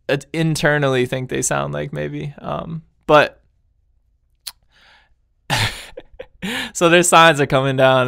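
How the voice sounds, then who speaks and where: Male podcast host, solo casual chat, rambling and chuckling, resonant with some fry. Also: medium pitch, fairly bright tone, no room sound, studio quality. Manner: rambling, loose, laughs often, trails off mid-thought.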